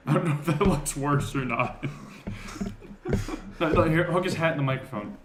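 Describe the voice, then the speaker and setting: A man's voice: on the high side, unhurried. Joking young man in an echoey room. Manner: joking, laughing, deadpan jabs. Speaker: podcast co-host. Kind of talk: goofy casual podcast banter. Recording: echoey room with faint hiss.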